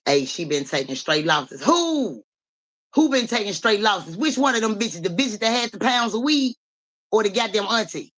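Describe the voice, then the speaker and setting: On her live stream, a young woman working as a psychic reader spins a story for her viewers, talking casually, vividly and with plenty of swearing. Pitch is medium and the pace moderate.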